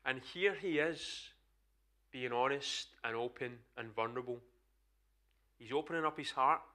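A man's voice: medium pitch, a little slow, bright, forceful tone. A man with a Scottish accent preaching an earnest, emphatic sermon to a church congregation. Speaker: pastor.

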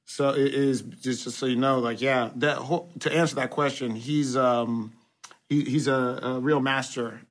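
Male director guest, 40s, mid pitch, animated and profane casual chat. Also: moderate pace. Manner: animated, swears casually, says "bro". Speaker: podcast guest, film director.

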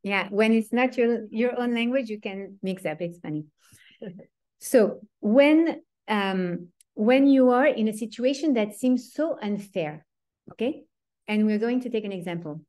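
A woman with a French accent teaching an informal online class over a video call, chatty and animated, often breaking into laughs. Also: a little high, unhurried. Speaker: teacher of a weekly Torah class.

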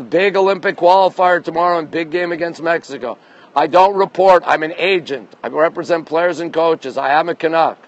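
A chatty middle-aged man with a somewhat high voice streams live from a phone as he walks city streets. He greets viewers, answers their comments as they come in, and tends to repeat his phrases. Traffic and street sounds are heard behind him. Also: highs cut off. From Montreal, Canada. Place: outdoors on city streets at night.

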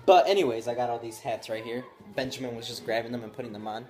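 A man's voice: medium pitch, fairly even intonation, fast talker, a little mellow, soft background music. A young man vlogging casually, joking around and baby-talking to his puppy, now and then slipping into Spanish phrases. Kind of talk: casual vlog chat.

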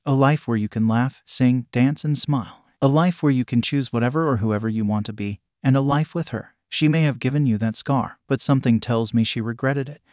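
A man voicing a devoted male hero guardian in a storybook reading, soft and reassuring. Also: medium pitch, no room sound, studio quality, natural voice.

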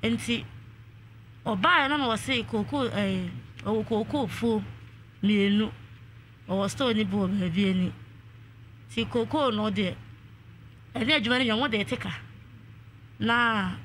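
A woman with a mid-range, slightly bright voice calls in to a radio show, with a faint hiss or hum behind her. She narrates a long family dispute at length, quoting what other people said.

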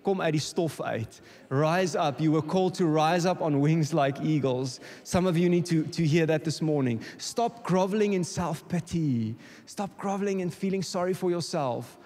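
A man's voice: fairly high pitch, moderate pace, darkish tone. A South African man preaching a sermon to a congregation, impassioned and calling for responses, often repeating words as he builds. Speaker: guest preacher. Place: church hall. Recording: long reverb of a church hall.

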